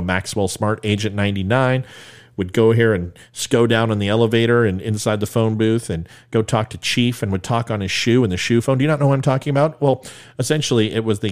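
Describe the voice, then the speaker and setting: Wisecracking man hosting his podcast. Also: fairly low pitch. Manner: wisecracking, sarcastic, quick asides. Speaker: podcast host. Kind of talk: solo comedic podcast monologue.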